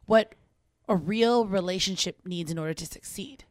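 A woman's voice: mid-range voice, no room sound, clean studio sound. Young woman co-hosting campus radio. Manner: conversational, reflective, quick asides. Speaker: co-host of a college radio talk show. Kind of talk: casual advice chat.

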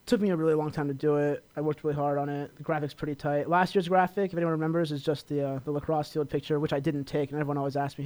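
Young la guy hosting college radio, talks super fast, rambly and full of himself, dry close sound. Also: fairly high pitch, little pitch movement, a little mellow, no room sound. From Los Angeles, California. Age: young adult. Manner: chatty, rambling, self-promoting with lots of fillers. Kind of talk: casual solo radio talk.

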